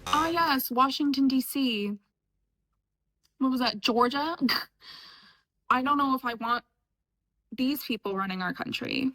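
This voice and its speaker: A woman's voice: high voice, takes it slowly, long pauses, bright, forceful tone, faint music behind, poor audio. A young woman from upstate New York, chatting casually and sarcastically as she reacts to clips, often laughing. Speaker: reaction vlogger. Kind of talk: casual chat.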